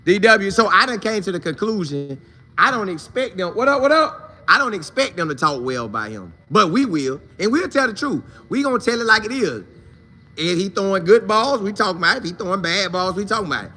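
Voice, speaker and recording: A man hosting a casual sports talk live stream, shouting out viewers by name in loose, slangy, animated talk. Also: high-pitched, fairly quick.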